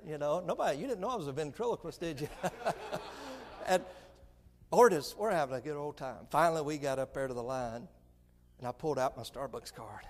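A middle-aged man preaching, telling a lively story with comic put-on voices. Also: fairly high pitch, a little fast, in a large hall. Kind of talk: sermon story.

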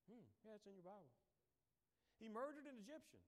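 A man preaching a Sunday sermon, acting out Bible figures in quick voices and breaking into hymn lines. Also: sits high, expressive. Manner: dramatic, acts out Bible characters in voices. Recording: long hall reverb.

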